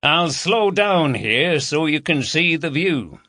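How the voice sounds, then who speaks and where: A man's voice: a little high, lively intonation, bright, forceful tone, no echo, clean studio sound, pitched above the performer's own voice, full character voice. A man voicing a jovial, teasing male chief inspector with a Yorkshire accent. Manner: hearty, teasing, brisk.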